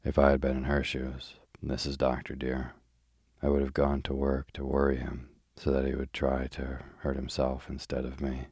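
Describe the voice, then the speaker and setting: A pious, chattering older spinster housekeeper, read by a man for a sleepy bedtime audiobook. The voice sits extremely low and barely moves in pitch. It is dry and close to the mic. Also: completely flat delivery, normal speed, a little mellow, slightly rough, no room sound, exaggerated voice. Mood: gossipy. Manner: chatty, prim, old-fashioned.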